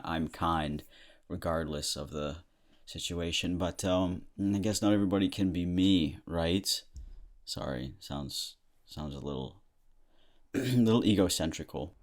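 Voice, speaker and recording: A young man with a deep, low voice rambles through a casual comedic monologue. He is chatty and self-deprecating and breaks into laughs often. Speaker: podcast host.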